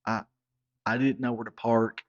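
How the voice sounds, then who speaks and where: A man tells a comic story in a folksy, deadpan way. His voice sits at an ordinary middle pitch. The recording is a bit dull and lo-fi. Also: normal speed. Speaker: comedic storyteller. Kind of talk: comedic character monologue. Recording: slightly dull lo-fi sound.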